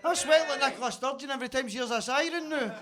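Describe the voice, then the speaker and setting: A Scottish man doing a stand-up routine in a basement comedy club, telling stories loudly and swearing freely. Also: very high-pitched, background noise. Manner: loud, sweary, quick storytelling.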